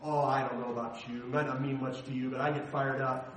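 A man preaching a sermon in a church, emphatic and animated, breaking into sudden shouts. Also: medium pitch, quick pace, slight background noise. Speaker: pastor. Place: church sanctuary. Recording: roomy echo, voice heard from a distance.

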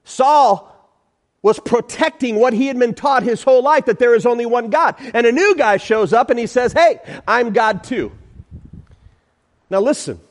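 A man's voice: very high voice, normal speed. A man preaching a sermon as pastor in a church, emphatic, repeating phrases and calling out to the congregation.

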